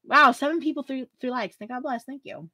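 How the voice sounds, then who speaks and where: Giggly high-voiced woman chatting live. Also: fairly quick, bright, forceful tone, dry recording. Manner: bubbly, giggly, calls viewers queen. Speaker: livestream host. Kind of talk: casual livestream chat, reading comments.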